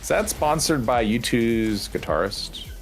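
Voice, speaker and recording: A man's voice: medium pitch, expressive, unhurried, soft background music. A man playing a game with a friend, chatting in a rambling, wry, self-mocking way. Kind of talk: casual gaming chat.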